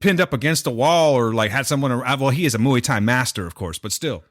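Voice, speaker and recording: A man's voice: medium pitch, a little fast, fairly bright tone, dry recording, studio quality. A man co-hosting a podcast, teasing his friend in casual chat. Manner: teasing banter. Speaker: podcast co-host.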